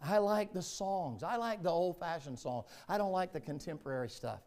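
High-voiced Southern pastor preaching. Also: male voice, animated, normal speed, a little mellow. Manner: folksy, joking storyteller. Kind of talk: sermon.

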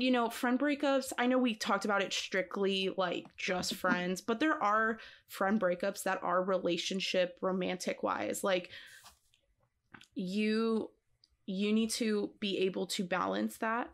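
Woman co-host, mid-pitched, expressive and emphatic, laughs easily; casual podcast chat. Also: unhurried, vocal fry.

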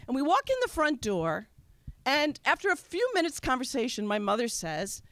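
A woman from Wisconsin tells a personal story to a live audience with a high voice that swoops up and down. She talks candidly and pokes fun at herself. The sound is close and dry, with almost no room echo. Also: very animated, normal speed, a bit bright. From Wisconsin, USA. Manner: candid, conversational, self-mocking. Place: stage at a live storytelling show.

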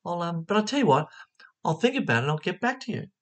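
A dithering, noncommittal woman friend, as a speaker puts her on in a spoken anecdote, hedging every answer with fillers and stalling. The voice rises lightly above the teller's own and keeps a lively, bouncing lilt. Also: medium pitch, fast. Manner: hesitant, vague, full of fillers.

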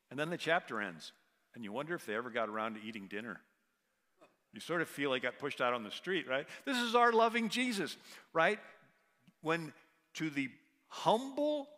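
A man's voice: fairly high pitch, sharp tone. Emphatic preaching man in an echoing hall. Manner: storytelling, voices the people he quotes, emphatic. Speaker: guest speaker. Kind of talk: preaching talk.

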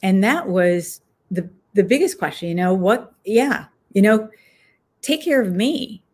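A woman's voice: medium pitch, expressive, unhurried, a little mellow, slightly rough. Reflective woman guest, thinking aloud. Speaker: author and guest. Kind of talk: interview answers.

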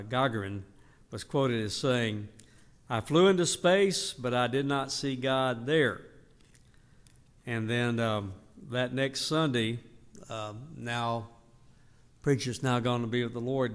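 An older man, teaching a Bible study in an unhurried, emphatic way. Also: mid-range voice, fairly bright tone. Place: church hall. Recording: reverberant church hall.

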